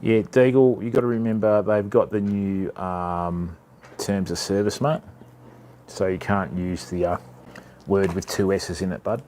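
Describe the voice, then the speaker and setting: A man's voice: low-pitched, fairly even intonation, measured pace, dark tone, a little hiss or hum. A young Australian man streaming live, chatting casually to viewers while demonstrating.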